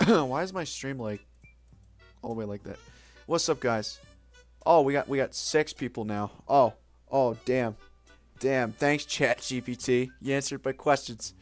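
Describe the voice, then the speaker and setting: A man's voice: mid-range voice, unhurried, soft background music. A young man streaming late at night, chatting casually with viewers in a rambling, self-mocking way, swearing now and then.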